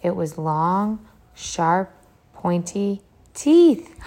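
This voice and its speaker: Animated woman reading a picture book to kids. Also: fairly low pitch, a little slow. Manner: animated, asks the children questions. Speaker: reader to children.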